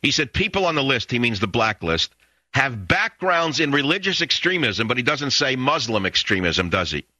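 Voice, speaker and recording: A man's voice: mid-range voice, very animated, normal speed, pushed and bright, no echo. A man in his sixties, a radio talk show host, delivering an indignant, taunting monologue full of repeated insults into a studio microphone.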